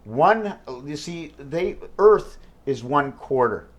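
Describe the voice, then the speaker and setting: A man's voice: fairly high pitch, big pitch swings, slow pace. A man talking alone to the camera in a rambling vlog, thinking aloud and hopping between numbers, wordplay and questions to himself. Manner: free-associating, jumps between numbers and wordplay; thinks aloud with many fillers and self-questions. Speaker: vlogger. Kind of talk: rambling solo vlog monologue.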